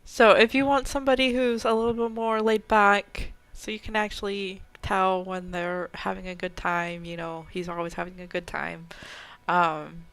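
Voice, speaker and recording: A woman's voice: medium pitch, little pitch movement, normal speed, fairly bright tone. A woman hosting a casual recap chat, chatty and full of ums and trailing asides. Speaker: host.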